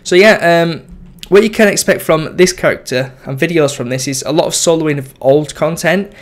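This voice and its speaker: A man's voice: on the high side, moderate pace. A young man giving casual, rambling commentary over his game, full of ums and self-corrections. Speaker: gaming YouTuber.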